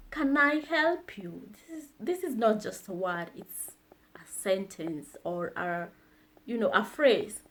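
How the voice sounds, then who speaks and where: Slow-paced woman teaching phrases. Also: mid-range voice. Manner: slow, repeats phrases for learners. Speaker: language teacher. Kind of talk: slow language lesson.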